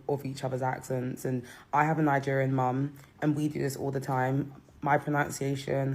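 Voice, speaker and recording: A young woman from Britain giving a candid, hesitant apology with many pauses. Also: extremely low pitch, darkish tone. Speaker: reality show contestant. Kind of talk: apology statement.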